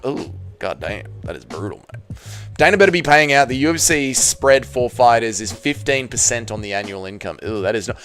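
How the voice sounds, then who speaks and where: A man's voice: medium pitch, expressive, fairly quick, a bit bright, clean tone, soft background music. An Australian man hosting a casual livestream, reading out chat messages and talking bluntly with frequent swearing. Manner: blunt, swears often, reads chat aloud. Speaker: streamer host.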